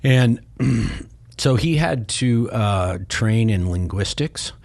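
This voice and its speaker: A middle-aged man from Kansas City, a podcast guest rambling through animated stories and acting out the voices of people he quotes. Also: medium pitch, slow pace, vocal fry, no echo. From Kansas City, Missouri. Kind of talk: casual storytelling.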